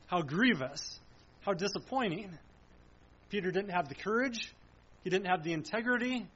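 Solemn high-voiced male preacher, lo-fi. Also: a bit bright, husky. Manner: solemn, emphatic, repeating phrases and asking rhetorical questions. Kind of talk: sermon.

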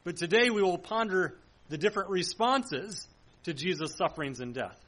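A man's voice: high-pitched, expressive, normal speed, a bit bright, poor audio. A man pastor preaching a sermon from the pulpit in a church, earnest and full of rhetorical questions. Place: church sanctuary.

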